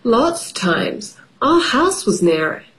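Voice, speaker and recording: A woman reading the lines of a polite young boy in a calm, matter-of-fact way, in a children's storybook. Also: fairly high pitch, slow pace, pitched above the performer's own voice, full character voice, rough recording.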